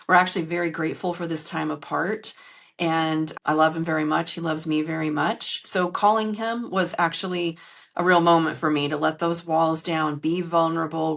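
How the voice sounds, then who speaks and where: In a low-ish voice with a fairly bright tone, a woman who hosts a podcast and works as a business coach opens up to her listeners with earnest emotion. It's a candid solo monologue, recorded on a phone in a hotel room.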